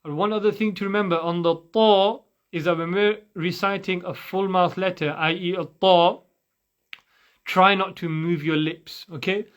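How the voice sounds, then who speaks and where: A man's voice: high voice, steady tone, normal speed, fairly bright tone. A man teaching Quran recitation rules in a patient way, demonstrating and repeating sounds for the listener. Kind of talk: recorded recitation lesson.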